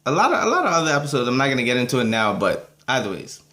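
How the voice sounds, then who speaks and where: A man's voice: mid-range voice, huge pitch swings, racing, pushed and bright. Giggly man rambling about a cartoon. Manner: laughs often, rambling with fillers and restarts. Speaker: TV episode reviewer. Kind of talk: casual video review.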